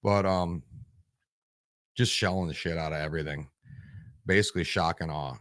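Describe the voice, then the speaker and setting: A man's voice: low voice, moderate pace, fairly bright tone, no echo, studio quality. A man in his forties from Michigan, a veteran guest telling stories bluntly and with lots of swearing in a casual interview. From Michigan, USA. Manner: blunt and profane, rambling.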